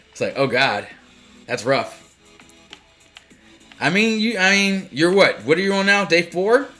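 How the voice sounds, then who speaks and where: A man with a bright, forceful voice rambles through live gameplay commentary. He is chatty, laughs easily and breaks off to answer his viewers. Soft game music plays faintly under him. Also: high-pitched, expressive, slow pace, pauses often. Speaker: streamer.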